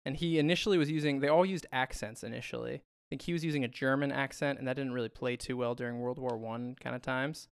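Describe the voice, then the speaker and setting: Gravelly-voiced man chatting casually. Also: mid-range voice, steady tone, fast talker, hardly any pauses, no room sound, clean studio sound. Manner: chatty, laughs often, trails off with fillers. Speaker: podcast co-host. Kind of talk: casual chat.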